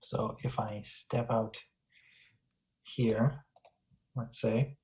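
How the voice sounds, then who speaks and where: A man's voice: on the low side, little pitch movement, drawn-out words, darkish tone. A man playing in a tabletop game, hesitant and full of fillers. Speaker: player. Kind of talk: casual tabletop play.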